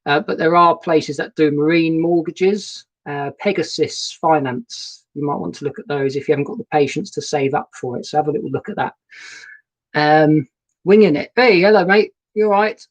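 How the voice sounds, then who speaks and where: A man's voice: on the high side, normal speed. A man, chatting casually and rambling a bit while hosting a live stream from inside a narrowboat and greeting viewers by name. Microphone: laptop webcam setup.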